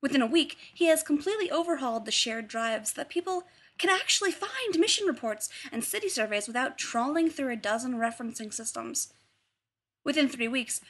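A woman reading fan fiction aloud in an expressive, scripted narration. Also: fairly high pitch, husky. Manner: expressive, shifting tone for characters. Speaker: reader.

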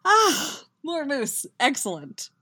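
A woman's voice: a little high, sing-song, a little slow, dry recording, pitched above the performer's own voice. A woman voicing a playful, affectionate young male bard.

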